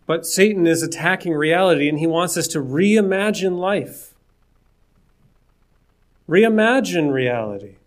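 A man's voice: a little high, moderate pace, hardly any pauses. Earnest conversational male preacher. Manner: earnest, conversational, laughs and jokes with listeners. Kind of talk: sermon.

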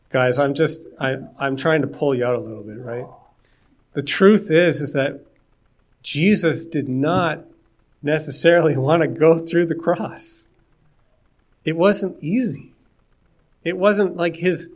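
A man preaching a sermon, with a voice that sits a little high for a man. He talks in an earnest, conversational way and breaks off for jokes and asides to the listeners. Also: unhurried.

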